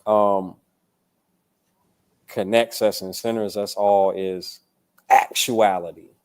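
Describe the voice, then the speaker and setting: Guesting on a casual podcast interview, a young man from Durham, North Carolina, a poet and musician, speaks in a relaxed, profane style and keeps adding "you feel me". He talks slowly in a fairly low, steady voice that is darkish, clear, and resonant.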